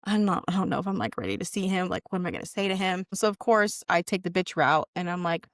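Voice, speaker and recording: A woman's voice: lowish voice, expressive, fast talker, dry recording, studio quality. A young woman on a podcast telling a personal story in casual chat, candid and cursing freely, acting out what people said. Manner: candid, heavy swearing, acts out quoted lines. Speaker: podcast guest.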